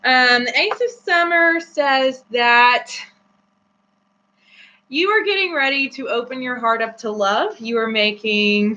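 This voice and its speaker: Taking things slowly, a woman with a voice on the high side sounds pushed and bright. She's hosting a chatty, giggly live-stream tarot reading packed with fillers, and the audio is slightly dull with a faint hum.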